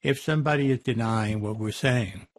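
A man talking things through in a relaxed discussion, pausing often with fillers and restarting his sentences. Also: mid-range voice, no echo. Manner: halting, with many fillers and restarts. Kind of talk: conversational discussion.

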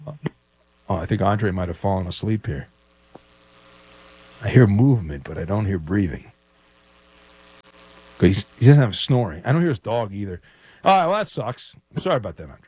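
A man hosting a call-in sports radio show, teasing callers with quick jokes. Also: fairly low pitch, sing-song, darkish tone, slightly rough.

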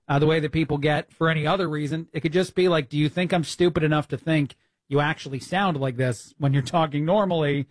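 A man hosts a talk radio show from a dry, close studio mic, his voice sitting a bit high for a man. He rants indignantly with many "uh" fillers and quick restarts. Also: fairly even intonation, no room sound. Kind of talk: opinionated talk radio monologue.

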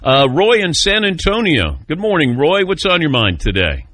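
A man's voice: on the high side, moderate pace, dry recording. A man hosting a sports call-in radio show, telling stories with a laugh and taking callers. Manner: storytelling, animated, laughs often.

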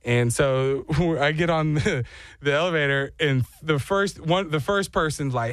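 Young guy, high light voice, loose self-mocking storyteller, dry close mic. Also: measured pace, fairly bright tone, no echo. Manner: rambling and self-mocking, slips into put-on accents. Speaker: podcast co-host telling a story. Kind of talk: casual storytelling.

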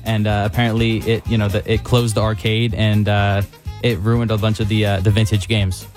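A man running through news items on a radio show, casual and hesitant, pausing often on fillers. His pitch sits in the middle, and soft music plays underneath. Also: level tone.

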